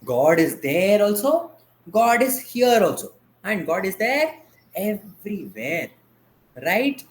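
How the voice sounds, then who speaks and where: A man's voice: high-pitched, very animated, slow, reverberant. A man teaching a dance class over a video call. He patiently asks questions and has the students repeat each term after him.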